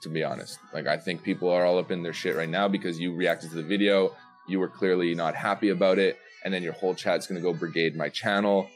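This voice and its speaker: A man's voice: sits low, steady tone, fast. A man on a voice call, debating in a blunt, laid-back way and swearing a lot. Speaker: guest content creator. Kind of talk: casual heated debate.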